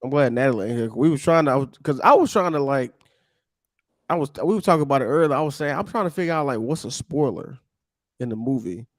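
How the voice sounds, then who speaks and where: A man's voice: mid-range voice, animated, quick pace, dry recording. Casual slangy man, dry close sound. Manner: loose and slangy, trails off and restarts. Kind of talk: casual podcast chat.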